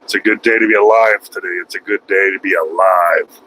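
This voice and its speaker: A man's voice: deep voice, steady tone, fairly quick, bright, forceful tone, slight background noise, poor audio. A man vlogging while driving his truck, rambling in a folksy, self-mocking way. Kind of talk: casual driving vlog. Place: truck cab on highway.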